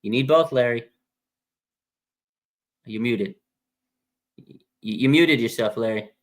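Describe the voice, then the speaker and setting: A man's voice: mid-range voice, slow. A man co-hosting a casual sports talk show, pushing his view bluntly and insistently at his co-host. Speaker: podcast co-host.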